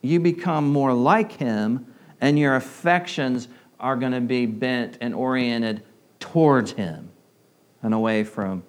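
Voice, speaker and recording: Pastor, male, light southern twang, chatty sermon style, slightly high pitch, restarts his phrases. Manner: conversational preaching, repeats words, asks the audience questions.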